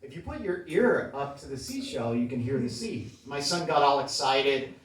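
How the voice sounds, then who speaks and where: A man doing a stand-up comedy set in a small club, with a deadpan, self-deprecating delivery. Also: mid-range voice, normal speed, slight background noise. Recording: roomy club sound from a far mic, crowd laughing. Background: audience laughter.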